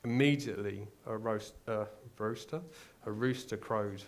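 A man's voice: on the low side, measured pace, slight background noise. A man with an English accent preaching a sermon in a conversational, searching way, retelling a story and asking the listeners rhetorical questions. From England.

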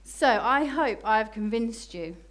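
Woman preacher, slightly high voice, emphatic sermon delivery that slows for key phrases. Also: lively intonation, fairly bright tone. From Britain.

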